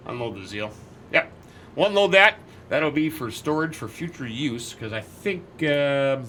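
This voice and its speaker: A chatty man narrating his farm game in character, rambling along and thinking out loud with lots of ums and uhs. His voice sits at an ordinary middle pitch. A faint engine hum runs underneath. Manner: rambling, chatty, thinks aloud with many fillers. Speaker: game roleplay host. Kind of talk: casual in-character game commentary.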